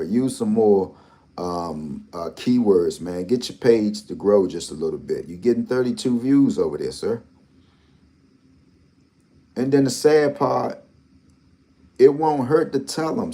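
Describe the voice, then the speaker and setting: A man's voice: on the low side, measured pace, warm tone. A man hosting a lottery channel, talking in a rambling, repetitive, teasing way with speech. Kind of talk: casual commentary.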